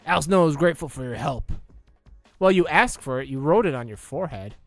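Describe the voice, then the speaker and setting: A young man doing a jokey, excitable commentary over a video game, bursting into mock announcer shouts. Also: a little high, a little fast, dry recording, faint music behind. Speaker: let's play gamer. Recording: dry close recording.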